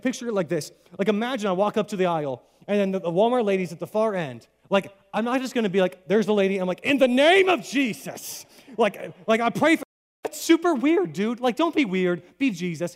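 A man's voice: high voice, darkish tone. A man preaching a casual sermon to a congregation, chatty and full of "like," with self-deprecating jokes. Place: large church hall with congregation. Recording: long reverb of a big hall.

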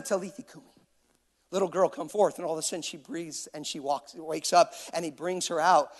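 A man preaching a sermon as dramatic storytelling, acting out the people in the story and swinging between shouting and hushed tones. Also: fairly high pitch, normal speed, long pauses. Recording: long hall reverb.

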